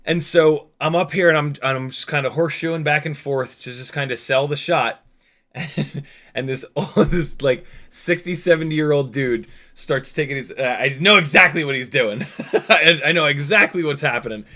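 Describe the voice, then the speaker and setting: A young man hosting a livestream, telling a story in a casual, animated way, laughing often and restarting his sentences. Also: on the high side, normal speed. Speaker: FPV drone pilot and stream host.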